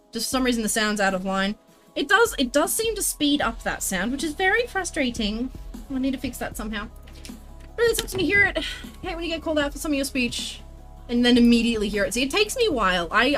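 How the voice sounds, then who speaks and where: High-voiced, chatty woman streamer. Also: a bit bright. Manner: chatty, exclamatory, reads chat aloud. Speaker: streamer crafting a costume tail. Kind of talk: casual livestream chat while working.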